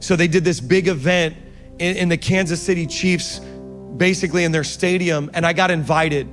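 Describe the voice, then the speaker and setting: A man's voice: a little high, fairly even intonation, moderate pace, a bit bright, in a large hall, soft background music. A man preacher telling a conversational sermon anecdote, acting out what others said to him. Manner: conversational, with quoted dialogue.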